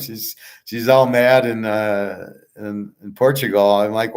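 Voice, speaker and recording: A channel host with a lowish, steady voice talks at normal speed. He rambles casually, addressing the listener directly as if chatting with his viewers.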